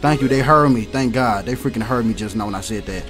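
A young man doing loud, slangy, excitable let's-play commentary, swearing and shouting at game characters. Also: medium pitch, fast, soft background music. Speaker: gaming YouTuber.

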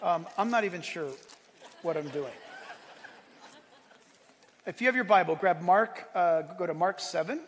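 A male pastor preaching a sermon, animated, swinging from loud exclaiming to quiet asides and laughing often. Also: high voice, a little slow, long pauses, a little hiss or hum. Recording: long hall reverb.

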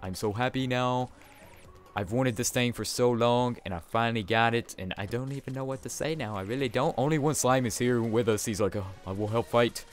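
A young man giving let's play commentary, talking to his viewers and swinging between excited outbursts and deflated mutters. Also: mid-range voice, fairly quick, faint music behind. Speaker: gameplay commentator.

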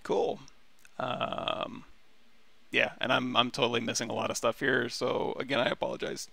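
A man giving a relaxed, rambling livestream tutorial on software, with many fillers and restarts. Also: medium pitch, moderate pace, creaky, no echo. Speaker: 3D sculpting instructor.

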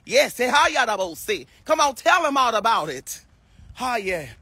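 A woman preacher on a live stream, praying in a slow chant and breaking into speaking in tongues. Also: on the high side, big pitch swings, pushed and bright, slightly rough, dry recording. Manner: slow, chanting, repetitive prayer with bursts of tongues. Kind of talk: livestream prayer and speaking in tongues.

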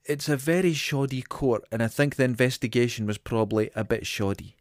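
A man co-hosting a podcast, retelling film scenes with slow, enthusiastic emphasis. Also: medium pitch, no room sound, clean studio sound. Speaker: podcast co-host. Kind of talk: casual film chat.

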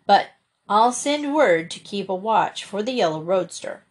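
A woman's voice: mid-range voice, lively intonation, a little slow, lightly acted. A woman reading aloud as a stern small-town male police chief who speaks in a commanding, curt way.

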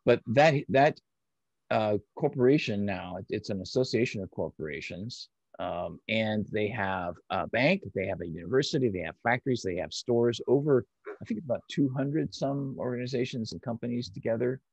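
A man's voice: medium pitch, moderate pace, husky, no echo. A man speaking as an interview guest, explaining ideas patiently and step by step in a conversational way. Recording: dry, slightly dull audio.

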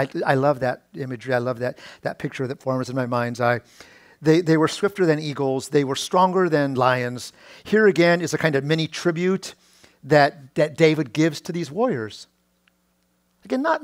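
A middle-aged male pastor giving a sermon, often restarting his words and rising loud and high on key points. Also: no room sound, studio quality. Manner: preaching with many restarts and repeated words; rises to a loud high pitch when stressing points.

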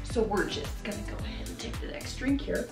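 Here a fashion vlogger, a woman in her thirties, talks casually about clothes during a try-on haul, bubbly and laughing a lot. Her voice is medium in pitch, with lively intonation and a slightly fast delivery. An echoey room and faint background music frame the recording.

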